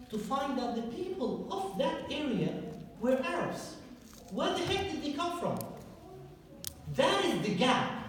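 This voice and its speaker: A man giving a public history lecture to a live audience. He is lively and often puts direct questions to the listeners. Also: very high-pitched, slight background noise. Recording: echoey hall recorded from far off.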